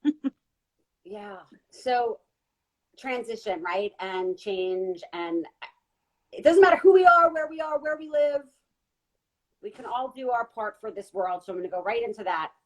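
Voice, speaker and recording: A woman guest giving an earnest, gentle spiritual talk during a live online chat. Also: a little high, very animated, measured pace, pauses often, poor audio. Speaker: guest intuitive reader. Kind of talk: casual live-stream talk.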